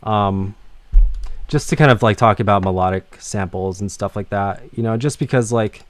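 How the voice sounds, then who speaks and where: A man's voice: fairly low pitch, moderate pace, dry recording. A man teaching music production in a casual livestream lecture, rambling with many fillers and some swearing.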